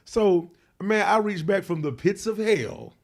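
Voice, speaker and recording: A man telling a wild personal story in an interview, slangy and profane, full of fillers, getting loud and animated as he acts it out. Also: sits high, unhurried. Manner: grows loud and animated when reenacting. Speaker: interview guest.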